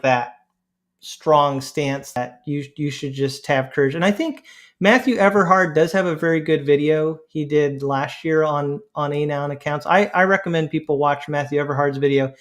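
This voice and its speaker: Man host, chatty, laughs easily, slightly higher pitch. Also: moderate pace. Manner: chatty, laughs easily, reads posts aloud. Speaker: podcast host. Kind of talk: casual panel discussion.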